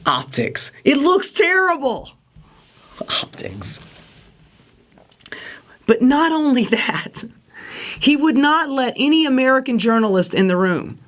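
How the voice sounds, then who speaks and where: A woman delivering a casual political rant with a sarcastic, exasperated edge. Her pitch swings widely as she talks, rising and dropping with each point. She sounds fed up and mocking. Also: a bit bright. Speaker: political commentary host.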